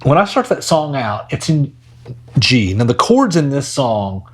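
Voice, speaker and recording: A man's voice: medium pitch, sing-song, unhurried, breathy edge. A man teaching a casual guitar lesson in a laid-back way, talking while he plays. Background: his own acoustic guitar playing.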